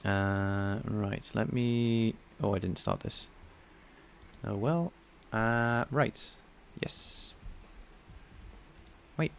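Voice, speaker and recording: Gravelly low-voiced man thinking aloud. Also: slow, a little hiss or hum. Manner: rambling and self-deprecating, chatting with viewers between tasks. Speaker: live-streaming programmer. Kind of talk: casual live coding stream, thinking aloud.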